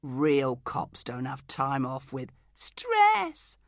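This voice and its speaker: A man's voice: medium pitch, huge pitch swings, drawn-out words, no echo, studio quality, voice pushed down, heavily acted. A woman voicing a smug, hostile male detective colleague who taunts and belittles. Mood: sneering.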